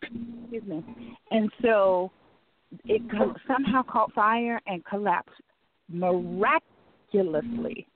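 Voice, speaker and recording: A woman's voice: medium pitch, takes it slowly, long pauses. A woman co-hosting live talk radio, chatty and effusive, stretching out words for emphasis. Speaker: radio show co-host. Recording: phone-like call-in line.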